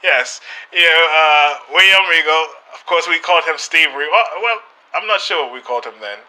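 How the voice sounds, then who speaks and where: A British man talking as a podcast guest, staying in character and speaking haltingly, with many fillers and restarts. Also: on the high side, bright, forceful tone, rough recording.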